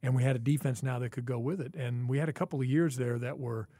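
A man in his sixties, a former football player, co-hosting a podcast and swapping old team stories in an animated, chatty way. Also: mid-range voice, fast, no room sound. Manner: reminiscing, animated, with asides. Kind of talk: casual storytelling chat.

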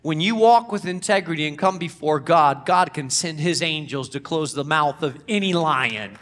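A male pastor preaching a sermon with dramatic storytelling, swinging from loud declarations to hushed asides. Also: a little high, animated, moderate pace, soft background music.

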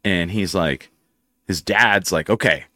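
A middle-aged man hosting a casual talk show, telling animated anecdotes and swearing freely. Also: sits low, slow pace, no echo. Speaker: podcast host. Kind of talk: casual chat, storytelling.

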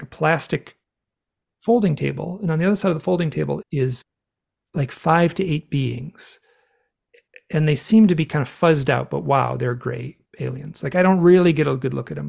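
Gravelly husky man telling a story. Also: on the high side. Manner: animated, acts out dialogue while retelling events. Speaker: guest author. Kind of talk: storytelling in an interview.

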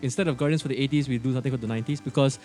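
A man's voice: medium pitch, fairly even intonation, rapid-fire, dark tone, faint music behind. A man co-hosting a casual podcast chat, joking and laughing often. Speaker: podcast co-host.

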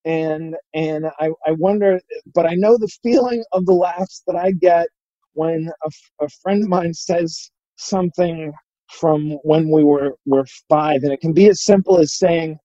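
A middle-aged man hosting a casual interview, speaking haltingly with many restarts. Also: fairly high pitch, warm tone, no room sound, lo-fi sound. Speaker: podcast host.

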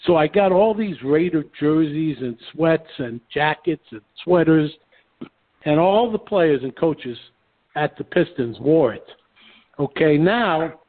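A man telling brash, animated stories in a casual chat. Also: on the high side. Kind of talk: casual storytelling. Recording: phone-like narrow sound.

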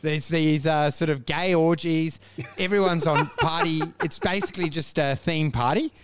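A man's voice: fairly high pitch, normal speed, background noise. A young man chatting casually as a podcast co-host, jokey and sweary, slipping into put-on voices. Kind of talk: casual chat.

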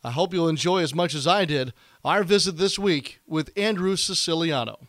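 A man's voice: on the high side, moderate pace, over music. A man hosting a radio sports interview, friendly and easygoing in his questions. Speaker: radio show host.

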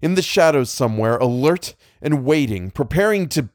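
A man voicing a distraught gentleman who blames himself and speaks urgently about a danger on the loose. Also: mid-range voice, expressive, normal speed, no echo, clean studio sound, voice pushed up, close to an everyday voice. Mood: alarmed. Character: agitated, self-blaming man in alarm.

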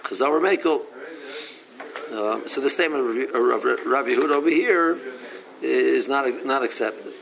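A man leads a casual Talmud class. His voice has a gravelly edge, and he reads each line before explaining it plainly, often stopping to restart a phrase. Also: medium pitch, measured pace, a bit bright, poor audio. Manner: reads Aramaic text then explains in English, with frequent restarts. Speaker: Talmud teacher.

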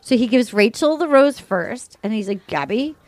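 Female podcast co-host, high voice, dry close sound, animated scene-by-scene recapper. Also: normal speed, dry recording. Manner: retells scenes acting out quotes. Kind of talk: casual recap chat.

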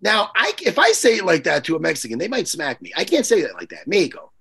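A man co-hosting, joking around in animated banter with a gravelly, raspy voice. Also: on the high side, fast. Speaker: co-host. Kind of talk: casual comedic banter.

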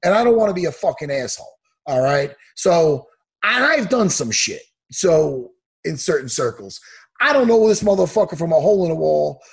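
A man's voice: a little high, very animated, moderate pace, gravelly, breathy edge. A man, an MMA coach, chatting casually on a podcast, ranting heatedly and swearing a lot. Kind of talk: casual chat.

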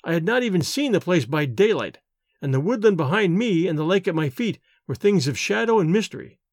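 A man narrating a novel aloud in an expressive, measured reading. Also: high-pitched, no echo, studio quality. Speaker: audiobook narrator.

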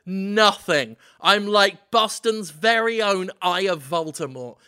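Bright high-voiced man joking as host. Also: lively intonation, takes it slowly, smooth. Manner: playful, profane, mock-grandiose. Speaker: podcast host. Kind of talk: comedic banter.

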